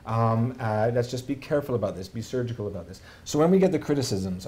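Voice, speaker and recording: A man with a Canadian accent speaking at a conference event, wry and lively, with rhetorical questions. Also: medium pitch, fast talker, few pauses. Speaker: panel speaker. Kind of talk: public talk, answering questions. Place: conference hall.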